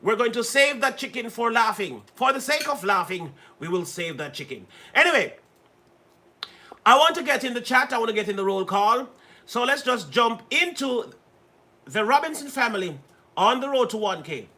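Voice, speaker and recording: A man's voice: very high-pitched, sing-song, normal speed, sharp tone. A man hosting a livestream in playful, casual chat, repeating himself and laughing often. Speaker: livestream host.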